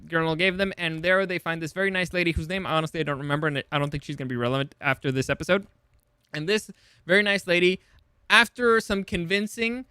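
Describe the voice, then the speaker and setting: A young adult man casually recapping a TV episode as a show host, chatty and loose, swearing and paraphrasing characters in quick asides. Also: sits high, sharp tone, clean tone, no room sound.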